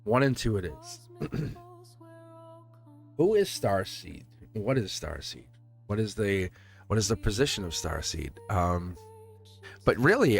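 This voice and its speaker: A low-voiced man hosts a live tarot reading and chats loosely with his viewers. He laughs a lot and keeps throwing out rhetorical questions. Faint music plays behind him. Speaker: tarot reader hosting a live stream. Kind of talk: casual live-stream chat.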